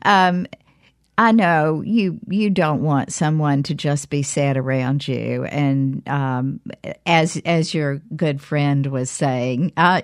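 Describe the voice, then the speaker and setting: A woman hosting a call-in radio talk show, speaking haltingly with many fillers and restarts. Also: low-pitched, big pitch swings, dry recording, clean studio sound.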